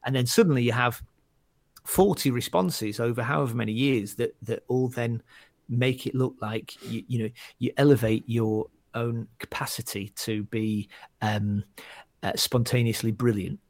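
A man's voice: mid-range voice, steady tone, normal speed, dry recording. A male stand-up comedian chatting casually, rambling with many restarts and fillers as he tells stories. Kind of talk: casual chat.

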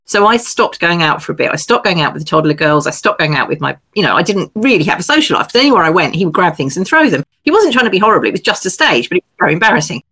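A middle-aged woman from England, a novelist guest telling lively, self-deprecating stories in casual chat. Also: on the low side, racing, few pauses, slightly rough.

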